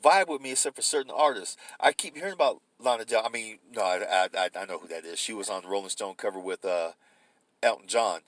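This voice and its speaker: A man with a deep, booming voice co-hosting a casual comedy podcast, loose and joking, swearing freely and acting out quotes. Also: fast, fairly bright tone, no echo. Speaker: podcast co-host.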